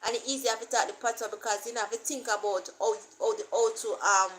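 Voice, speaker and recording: A woman's voice: a little high, steady tone, fast talker, rough recording. A Jamaican woman vlogger chatting casually to camera, rambling and repeating herself as she thinks aloud.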